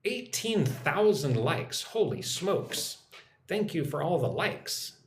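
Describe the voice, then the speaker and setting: A young American man teaching English on a live stream, chatting with viewers and repeating phrases slowly for practice. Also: fairly high pitch, sing-song. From United States. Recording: echoey room with faint noise.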